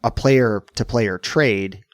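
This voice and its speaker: A hoarse man co-hosting a podcast, explaining things in casual chat and getting animated at times. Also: on the low side, slow pace, no echo, clean studio sound. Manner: explanatory, gets animated and mock-indignant. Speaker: podcast co-host.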